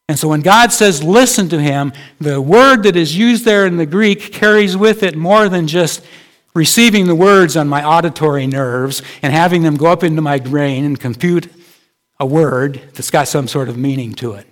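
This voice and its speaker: A man's voice: on the high side, moderate pace. A male pastor preaching a sermon in a conversational way, asking his listeners rhetorical questions.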